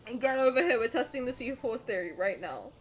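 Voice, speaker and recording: A young woman streaming a game reaction, reading the story aloud and gushing excitedly, swearing freely. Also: on the high side, fairly quick, a little hiss or hum.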